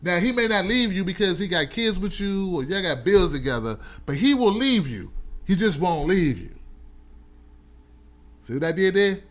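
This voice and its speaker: Animated high-voiced male stream host. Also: moderate pace. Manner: loud, animated, preachy joking asides to viewers. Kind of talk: casual live-stream talk to a chat.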